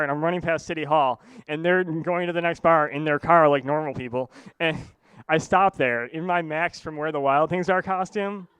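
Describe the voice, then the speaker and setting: A man's voice: fairly high pitch, fairly bright tone, clean tone, dry recording. A man telling a funny personal story to a live audience in a casual, rambling way, full of "like" and "you know.". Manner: casual, rambling, heavy use of "like".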